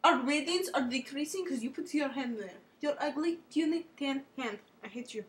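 A woman hosting a homemade comedy show in a theatrical, bossy way, swinging between loud scolding and hushed asides. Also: high-pitched, lively intonation, moderate pace.

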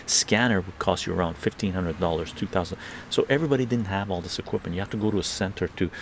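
A man's voice: sits low, vocal fry, slight background noise. A middle-aged man from Canada casually telling a rambling story on a live stream, tagging his sentences with "right?".

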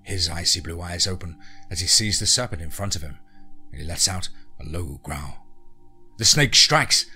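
A man hosting a podcast, narrating a horror story in a deliberate, hushed way. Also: low-pitched.

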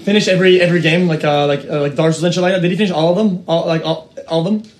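A man from Canada, a streamer, chatting casually while gaming, excitable and swearing with shouty outbursts. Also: fairly high pitch, racing. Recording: roomy echo.

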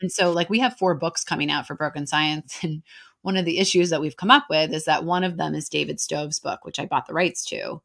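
Woman, American accent, lower pitch, chatty interview guest, fillers. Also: steady tone, gravelly, fairly bright tone. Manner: chatty, fast, heavy on filler "like" and "right?". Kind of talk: casual interview conversation.

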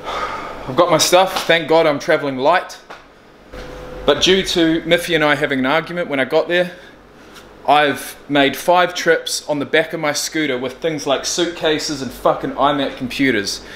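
A man's voice: fairly high pitch, normal speed, a bit bright, slight background noise. A man of thirty talking bluntly and candidly in a casual video diary, swearing freely. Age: 30s. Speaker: vlogger. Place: indoors in a furnished flat.

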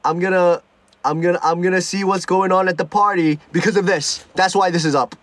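A man's voice: sits high, fairly even intonation, brisk, a bit bright, no echo. A young man chatting casually on a live stream, rambling and joking with lots of stuttered restarts. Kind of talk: casual livestream chat.

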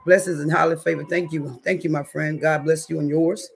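Streaming casually from her home kitchen, a woman chats in slang and reads the chat, constantly addressing her viewers as y'all. Her voice sits low with vocal fry and a steady tone, a little fast, and her throat sounds scratchy.

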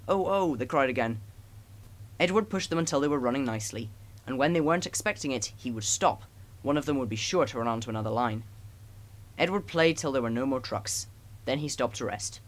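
Guy reading a kids' storybook aloud, calm and even, mid-pitched voice. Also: fairly quick. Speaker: audiobook narrator.

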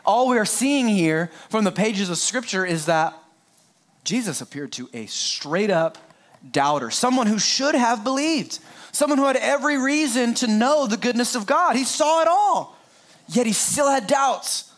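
A middle-aged man preaching an Easter sermon in a high voice. He speaks straight to the congregation and often breaks off into playful jokes. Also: animated, a little slow. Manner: playful, joking asides, talks straight to the congregation. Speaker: pastor.

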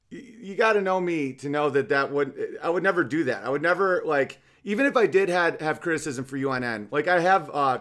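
A man's voice: a little high, a bit bright. A middle-aged man hosting a casual comedic podcast, firing off sarcastic rhetorical questions. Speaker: podcast host.

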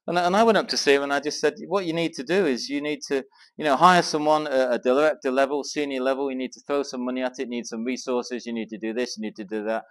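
A middle-aged man from England telling an animated personal story to a Christian men's gathering, acting out the dialogue as he goes. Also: medium pitch. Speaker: speaker at a men's Christian weekend. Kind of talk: storytelling talk to a live audience.

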